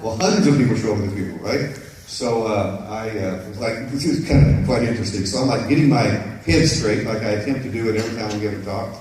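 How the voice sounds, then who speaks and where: A man's voice: lowish voice, quick pace, a little mellow. A middle-aged man, a motivational speaker, telling a personal story to a group in a chatty way, often checking in with "right?". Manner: personal, anecdotal, frequent "right?" check-ins. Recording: echoey room, distant mic, faint noise.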